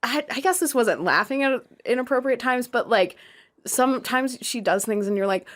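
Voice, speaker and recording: A woman's voice: fairly high pitch, moderate pace, a bit bright. A young woman co-hosting a podcast, chatting in an amused way. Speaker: podcast co-host. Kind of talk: casual chat.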